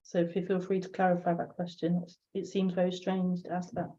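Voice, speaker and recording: A woman's voice: on the low side, monotone, fairly quick, warm tone. A woman hosting a live spiritual talk stream, musing aloud and answering chat questions with repeated phrases and many fillers. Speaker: host of a live spiritual broadcast. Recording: dull lo-fi stream audio.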